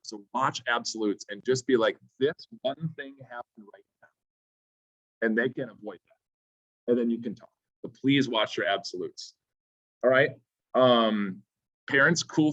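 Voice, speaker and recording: A man's voice: mid-range voice, a bit bright, no echo. A man who teaches teens, speaking to parents at a school seminar in an earnest, pleading, advice-giving way. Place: school room. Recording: dull lo-fi sound, dry.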